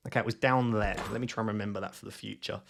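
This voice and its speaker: A man giving live gameplay commentary, thinking aloud in an excitable, self-questioning way. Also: fairly low pitch, rapid-fire, creaky, a little hiss or hum. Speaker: gaming YouTuber.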